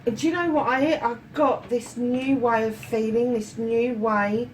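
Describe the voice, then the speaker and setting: A woman's voice: fairly high pitch, fairly even intonation, measured pace. A woman giving a casual tarot reading, chatty and affectionate, swearing freely and calling her viewers darlings. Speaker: tarot reader. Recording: slightly distant mic with faint room noise.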